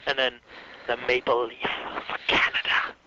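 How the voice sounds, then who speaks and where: A man's voice: medium pitch, completely flat delivery, unhurried, background noise. A man co-hosting a wrestling podcast, wry and sarcastic in casual chat. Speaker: podcast co-host. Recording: dull lo-fi podcast audio.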